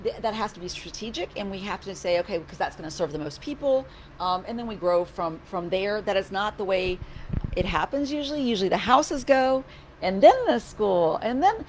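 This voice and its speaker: A woman, a county commissioner, chatting casually in her office hours, animated, a little sarcastic, often restarting her sentences. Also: medium pitch, a little fast, a little hiss or hum. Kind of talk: casual chat.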